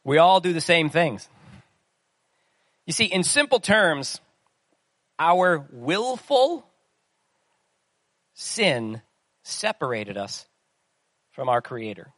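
A man's voice: fairly high pitch, sing-song, takes it slowly, long pauses, a bit bright, no room sound. A man preaching a sermon in a conversational way, asking the listeners questions as he goes. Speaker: pastor.

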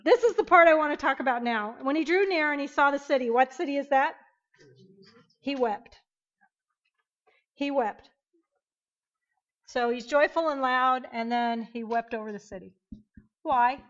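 A woman teaching an interactive Bible lesson, emphatic and animated, questioning her class. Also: high-pitched, normal speed, long pauses, muffled recording.

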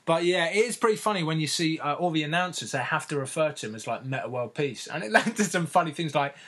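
A man telling a story in casual podcast chat, laughing often and filling pauses with ums and uhs. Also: on the high side, expressive, fairly bright tone, husky.

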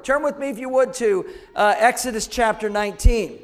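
A man's voice: very high voice, normal speed. A man preaching a sermon, emphatic and repeating key phrases to the congregation. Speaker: pastor.

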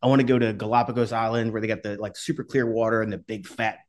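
Middle-aged guy rattling off a story fast, swearing, laughing, casual chat. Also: on the low side, steady tone. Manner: fast, rambling, swears and laughs while telling stories. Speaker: podcast guest, former Army skydiver.

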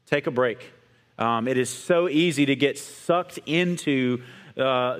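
Man, mid-pitched, earnest and measured discussion voice, long room reverb. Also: fairly bright tone. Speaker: co-host of a Bible discussion. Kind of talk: casual discussion.

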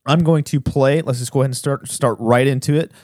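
A man hosting his own religious podcast, talking fast and urgently with frequent restarts. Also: mid-range voice, steady tone, a little mellow, dry recording, studio quality. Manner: fast, urgent, self-interrupting. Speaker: podcast host.

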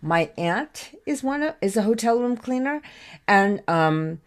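An American woman speaking on a panel discussion, thoughtful but halting, with many ums and restarts. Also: mid-range voice, lively intonation, clear, resonant tone. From United States. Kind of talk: remote discussion contribution.

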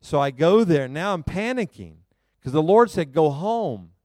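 A male pastor preaching a sermon to a congregation, telling a personal story in an animated, self-mocking way and laughing often. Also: a little high, a little slow, no echo, clean studio sound. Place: church service before a live congregation.

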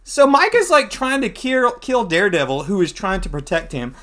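A man's voice: high-pitched, normal speed. A man hosting a podcast who recaps a comic book in a chatty, snarky way. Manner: chatty, snarky, animated retelling. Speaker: podcast host.

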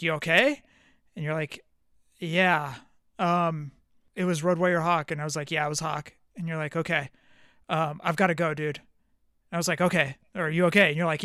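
Podcast cohost, bright kinda high voice, telling a story, dry close mic. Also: male voice, gravelly, no echo. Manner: storytelling, recounting a phone call. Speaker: podcast co-host. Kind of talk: casual podcast chat.

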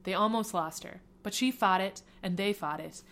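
A woman casually reading a story aloud on a podcast. Her voice sits at an ordinary middle pitch. She laughs often and breaks off to make asides between the narrated passages. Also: moderate pace, fairly bright tone. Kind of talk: casual read-aloud of fan fiction.

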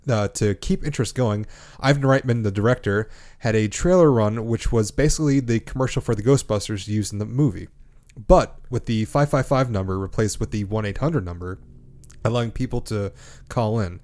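A man's voice: on the low side, fairly quick, a little mellow. Canadian man reading movie trivia notes. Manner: reads trivia notes with many fillers and restarts. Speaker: podcast host. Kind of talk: casual movie podcast chat.

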